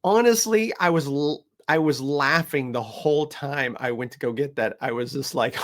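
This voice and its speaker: A man who trains dogs, chatting casually and telling animated stories, often laughing and switching into high, playful voices for the people and dogs he quotes. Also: moderate pace, hardly any pauses. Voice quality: chatty with frequent fillers and laughs. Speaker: dog trainer. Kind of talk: casual chat.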